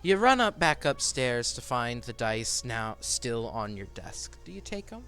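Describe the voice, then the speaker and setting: A man's voice: mid-range voice, sing-song, a little slow, fairly bright tone, smooth, faint music behind. A man narrating a tabletop game as game master in a loose, rambling way. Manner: loose, rambling, lots of fillers and restarts.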